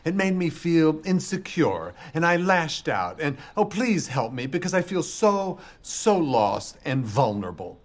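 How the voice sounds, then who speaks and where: A man's voice: on the high side, sing-song, unhurried, few pauses. A frantic, sarcastic immortal man. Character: flustered immortal man, sarcastic then sincerely apologetic. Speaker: TV clip actor. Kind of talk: sitcom acting. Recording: distant TV clip with music. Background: soft music.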